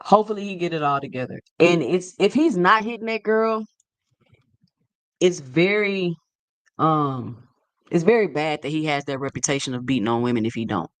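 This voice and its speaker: Animated, sassy woman commentator in her thirties; slangy, repetitive delivery; dry close-miked sound. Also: deep voice, normal speed, no echo. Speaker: boxing commentary vlogger. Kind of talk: casual opinion monologue.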